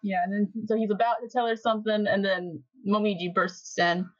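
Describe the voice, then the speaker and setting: A woman on a podcast, casually recapping episodes and acting out the characters' lines in an animated way. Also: mid-range voice, brisk, no echo, highs cut off. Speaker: podcast co-host.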